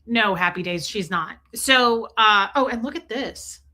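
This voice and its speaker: A middle-aged Midwestern woman, from Nebraska and raised around Kansas City, hosts a livestream and reads viewer comments aloud in casual chat. Her mid-range voice moves at a measured pace, bright and forceful.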